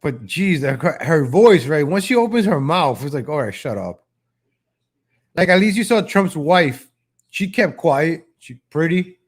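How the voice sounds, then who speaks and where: Male live-stream host, slightly high voice, sarcastic and rambling commentary. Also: lively intonation, a little slow. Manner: mocking, rambling, with frequent restarts.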